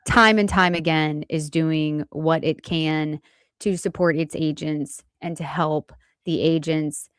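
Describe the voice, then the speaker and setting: A woman co-hosting a casual podcast, explaining details in a steady, clarifying way. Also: deep voice, slow, clear, resonant tone, no room sound, studio quality. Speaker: podcast co-host.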